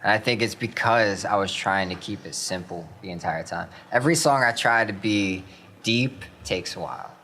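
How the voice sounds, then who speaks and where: A man's voice: fairly low pitch, moderate pace, pushed and bright, slight background noise. A young man, a rapper, chatting casually about his music as a radio guest, with many fillers.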